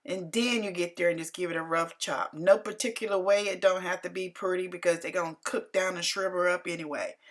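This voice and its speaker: A woman's voice: fairly low pitch, moderate pace, a bit bright, poor audio. A woman, narrating her home cooking video in a homey, repetitive way. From Carolina, US. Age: 60s. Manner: homey, repeats herself, folksy grammar. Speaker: home cook.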